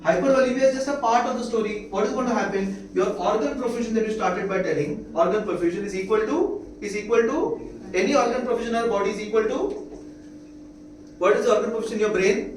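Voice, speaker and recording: This man speaks fast in a high-pitched voice with an Indian accent, delivering a medical lecture peppered with rhetorical questions aimed at his students. Faint hiss and a distant mic pick him up in an echoey room.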